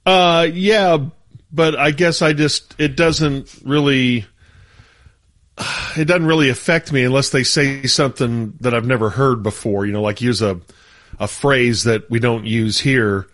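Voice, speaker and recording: A man's voice: medium pitch, fairly even intonation, unhurried, a bit bright, dry recording. A man co-hosting a sports talk show, chatting casually and rambling a little with restarts. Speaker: sports radio co-host. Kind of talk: casual chat.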